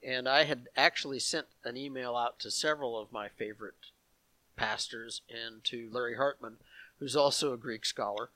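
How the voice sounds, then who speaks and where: Male pastor, mid-pitched, explanatory Bible teacher reading scripture aloud, dry close sound. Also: pushed and bright, no echo. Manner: explanatory, reads passages aloud with asides to the congregation.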